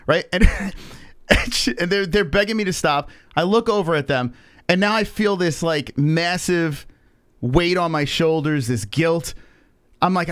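Profane, animated New man. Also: on the high side, normal speed, dry recording, clean studio sound. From New York. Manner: animated, profane, acts out quoted voices. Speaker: podcast host. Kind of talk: casual storytelling on a live stream.

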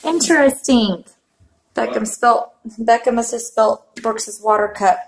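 Chatty young mom vlogging, fairly high voice. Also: female voice, unhurried, breathy edge. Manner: chatty, laughs often, coos at her kids. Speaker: family vlogger, mother. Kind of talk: casual vlog chat.

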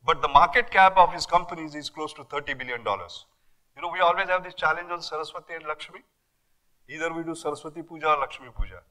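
An older man with an Indian English accent giving an academic lecture, emphatic and animated, with many rhetorical questions and fillers. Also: on the high side, fast talker, low-quality recording. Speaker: guest lecturer. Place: lecture hall.

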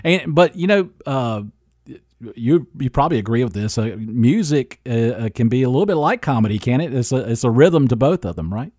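Brief: male TV host, mid-pitch, stop-start delivery, dry close sound. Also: lively intonation, darkish tone, no echo. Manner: halting, many fillers and restarts. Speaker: TV interviewer. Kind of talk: broadcast interview.

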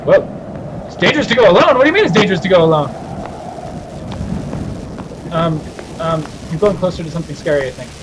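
A man's voice: on the high side, animated, fairly quick, pauses often. A young man hosting a horror game let's play, chatting nervously and shrieking when scared. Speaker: gaming video host. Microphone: headset or desk mic, facecam. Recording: noisy home recording.

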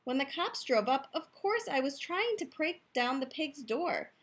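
A woman's voice: sits high, big pitch swings, measured pace. A woman playfully reading a picture book aloud, telling the story in first person as the wolf, in a youth room.

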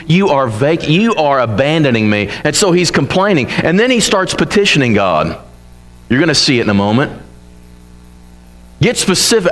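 Man, preacher, sermon, earnest, conversational, fairly high voice. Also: animated, brisk, a bit bright, long reverb tail. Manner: earnest, conversational, voices the psalmist's complaints boldly.

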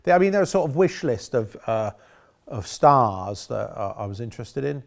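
A man's voice: mid-range voice, big pitch swings, moderate pace, vocal fry. A middle-aged man, a film director, looking back on making a film in a rambling, self-correcting way. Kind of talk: reminiscing interview.

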